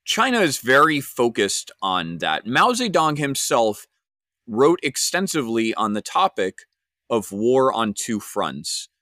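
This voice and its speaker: A man's voice: mid-range voice, very animated, unhurried, sharp tone, no room sound. A man in a mid-range register talks through a podcast episode in a loose, conversational way. He tells an anecdote with wry humour, then moves into casual commentary. The recording is dry and close, with no room sound. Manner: conversational, wry, with fillers and restarts. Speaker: podcast host.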